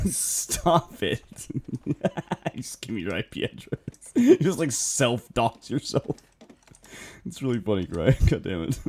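A man's voice: mid-range voice, huge pitch swings, takes it slowly, pauses often, dark tone, slight background noise. Young male streamer, casual game chat, swears and laughs a lot. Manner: laughing, swearing, joking with teammates. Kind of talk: casual gaming commentary.

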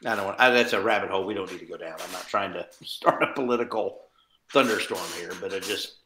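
A man, a voice actor guest, chatting casually in an interview, animated and quick with asides and chuckles. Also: deep voice, a little hiss or hum. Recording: roomy echo.

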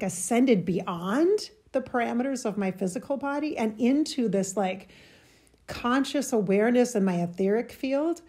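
Soft husky woman recounting a spiritual experience. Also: mid-range voice. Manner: emotional, halting, searching for words. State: choked up. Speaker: spiritual channel host. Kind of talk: personal spiritual storytelling.

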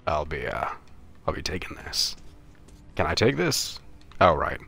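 A young man streaming a game live, rambling through anecdotes in a halting, self-mocking way. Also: extremely low pitch, big pitch swings, vocal fry, sharp tone, faint music behind.

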